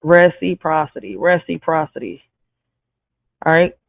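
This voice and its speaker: A woman's voice: low-pitched, expressive, unhurried, vocal fry, dry recording. A woman with an accent hosting her channel, talking casually to viewers, swearing freely and stumbling over and correcting words. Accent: speaks with an accent. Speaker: channel host. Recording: tinny phone-like dry recording.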